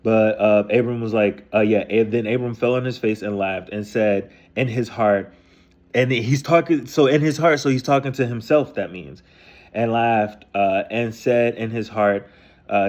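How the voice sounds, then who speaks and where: A man's voice: lowish voice, moderate pace, a little mellow. A man casually retelling a scripture story in loose, profane slang, reading passages aloud and then paraphrasing them. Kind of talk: casual rambling explanation.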